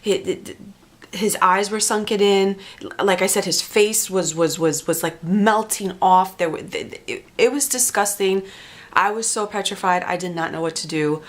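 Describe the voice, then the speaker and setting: A woman telling a dramatic first-person story to the camera, halting often with repeats and restarts. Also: medium pitch. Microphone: facing the camera.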